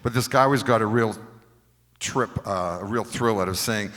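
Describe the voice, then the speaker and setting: Older man from Canada, on-stage storyteller, chatty and anecdotal, low voice, long hall reverb. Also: normal speed, a bit bright, soft background music. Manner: chatty, anecdotal, acts out dialogue. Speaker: musician telling stories on stage. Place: concert stage.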